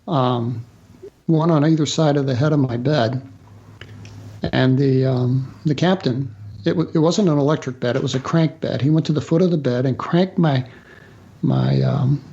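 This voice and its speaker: A man telling a personal story as a guest author in a radio interview, halting with fillers and restarts. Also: mid-range voice, creaky, warm tone, lo-fi sound.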